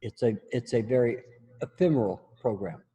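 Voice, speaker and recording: A man's voice: mid-range voice, normal speed, dark tone, breathy edge. A man teaching a class in a casual spoken style, often repeating and restarting his words, with blunt, salty humor. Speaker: instructor.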